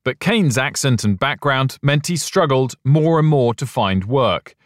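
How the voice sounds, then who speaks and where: A man giving scripted documentary narration in a measured way. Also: mid-range voice, expressive, dry recording, studio quality.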